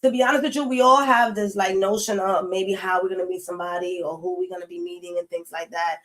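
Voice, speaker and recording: A woman's voice: medium pitch, fairly even intonation, quick pace, rough recording. A woman giving a casual tarot reading straight to her viewers. She talks bluntly, swears freely and repeats her points for emphasis. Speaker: tarot reader.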